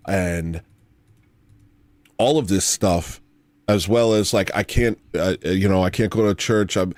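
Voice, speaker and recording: Deep-voiced man in a rambling confession. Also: a little mellow, no echo. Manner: rambling, halting, earnest. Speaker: clip of another streamer. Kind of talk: confessional monologue.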